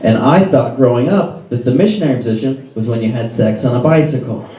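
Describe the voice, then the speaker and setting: A man doing a stand-up set in a toy store, quick self-mocking jokes, laughing at his own punchlines. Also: mid-range voice, mellow. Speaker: stand-up comedian. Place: toy store with live crowd. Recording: roomy live sound from far off with crowd.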